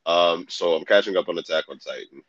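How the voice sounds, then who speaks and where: A man chatting as a guest on a casual podcast, relaxed and easygoing, laughing often. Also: sits low, fairly quick, no room sound, dull audio.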